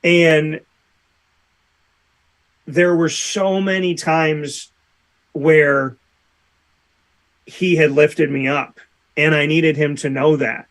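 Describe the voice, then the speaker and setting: Animated male radio host telling stories. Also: fairly high pitch. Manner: animated storyteller, acts out quotes. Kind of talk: casual interview chat.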